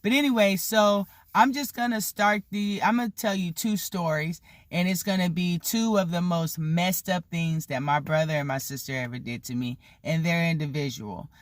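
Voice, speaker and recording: A person in their thirties telling childhood stories in a casual vlog, animated and swearing freely, with lots of "like" and "you know". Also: medium pitch, normal speed, few pauses, dry recording. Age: 30s. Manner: animated, swears freely, acts out the people in the story; heavy use of "like" and "you know" fillers. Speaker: vlogger telling a story.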